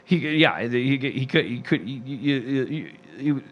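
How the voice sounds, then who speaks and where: Comedy podcast host, man, bright edgy voice, loose rambling delivery full of restarts. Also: medium pitch, expressive, slow, muffled recording. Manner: rambling, laughing, many restarts. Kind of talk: casual comedic chat.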